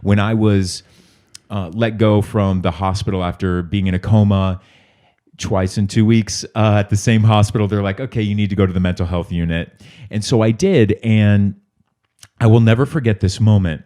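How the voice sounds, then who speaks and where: A man hosts the interview in a low, mellow voice. He talks candidly and tells stories, acting out what other people said to him. He sounds relaxed and unhurried. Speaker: podcast host. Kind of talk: interview conversation.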